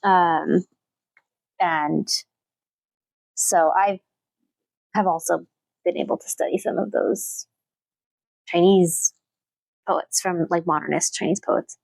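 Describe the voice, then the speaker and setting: A woman's voice: lowish voice, steady tone, slow pace, creaky, long pauses, a little mellow, no echo. A woman who teaches literature, chatting thoughtfully in an interview with plenty of fillers and restarts. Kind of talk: casual interview talk.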